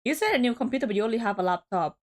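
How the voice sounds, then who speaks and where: A woman's voice: on the high side, expressive, rapid-fire. A woman streamer chatting casually over gameplay, giggly and rambling, often cutting herself off. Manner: giggly, rambling, self-interrupting.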